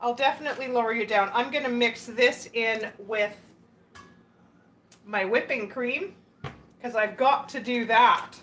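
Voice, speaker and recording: A Canadian woman with a higher voice chats casually as she cooks, greeting her viewers by name and laughing often. Her talk is loose and conversational, and a faint hiss sits under the recording. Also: measured pace, long pauses, fairly bright tone. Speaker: cooking livestream host. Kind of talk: casual chat while cooking.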